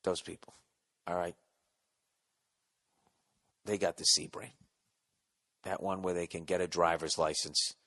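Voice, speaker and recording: A man's voice: sits low, flat delivery, a little slow, pauses often, a bit bright. Profane, sarcastic male podcast host. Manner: profane, sarcastic, self-mocking rants. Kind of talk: rambling solo podcast, reading listener mail.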